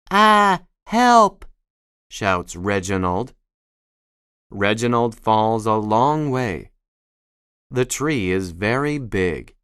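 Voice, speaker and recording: A narrator reading a children's storybook aloud in a scripted, lively way, calling out the characters' cries. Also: medium pitch, dry recording. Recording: dry studio with soft music behind.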